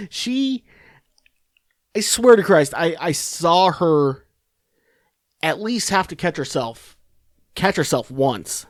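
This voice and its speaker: A man's voice: a little high, no room sound, studio quality. A man hosting a podcast, giving casual political commentary in a rambling, sarcastic, profane way. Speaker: podcast host.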